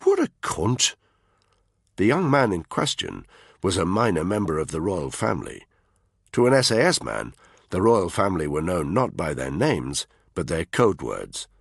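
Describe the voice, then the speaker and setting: A man narrating an audiobook thriller in steady, measured storytelling. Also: low-pitched, gravelly, breathy edge, no room sound, clean studio sound. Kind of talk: scripted narration.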